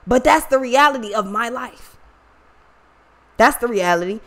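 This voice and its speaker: Female vlogger, casual storytelling, raw and profane, slightly high voice. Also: lively intonation, measured pace, fairly bright tone. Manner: profane, emotional, slangy, talks to viewers directly. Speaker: online reader and vlogger.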